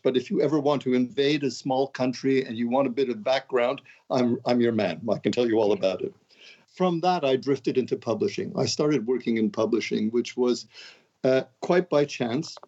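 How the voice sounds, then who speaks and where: A man's voice: medium pitch, warm tone. Wry older man from Montreal. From Canada, Montreal. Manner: wry, joking, self-deprecating. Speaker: author and guest. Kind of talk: casual interview talk. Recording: dull lo-fi audio.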